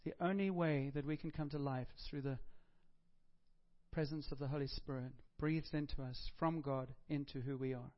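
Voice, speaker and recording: A man's voice: fairly high pitch, steady tone, moderate pace, dull audio. A man preaching a sermon as pastor, in a conversational style with emphatic rises.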